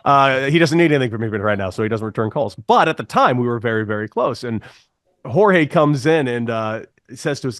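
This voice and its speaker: A man's voice: mid-range voice, lively intonation, a little fast, fairly bright tone, no echo, studio quality. A man in his thirties, a former ballplayer, telling a long story casually on a podcast and slipping into voices for quotes. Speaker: podcast guest, former baseball player.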